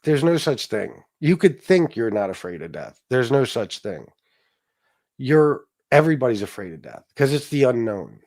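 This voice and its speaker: A man's voice: medium pitch, very animated, normal speed, a little mellow. A man hosting his own talk show, speaking casually and emotionally, rambling with restarts, asides and the odd swear word. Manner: profane. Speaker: political talk show host. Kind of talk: casual live-stream talk.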